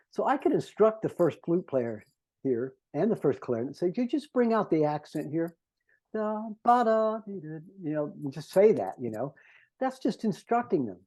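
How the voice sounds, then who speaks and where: A man's voice: fairly high pitch, warm tone, low-quality recording. A man, a composer, earnestly explaining his scores to conductors and humming melodies to make his points. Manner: earnest teacher who hums melodies to illustrate.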